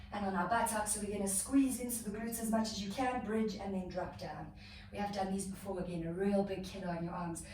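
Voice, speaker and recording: A woman's voice: mid-range voice, slight background noise. Breathless female yoga instructor, encouraging, counts reps; very echoey room, distant mic. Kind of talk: guided workout instruction.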